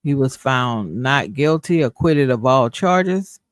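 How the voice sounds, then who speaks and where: A man's voice: mid-range voice, lively intonation, slow, dry recording. A man hosting a livestream, thinking aloud in a loose, conversational way. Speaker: livestream host. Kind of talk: live commentary.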